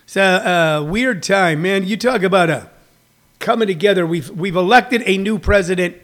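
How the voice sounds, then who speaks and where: A man's voice: high voice, fairly bright tone. A man, a stand-up comedian, chatting casually on a livestream, riffing and rambling with frequent fillers.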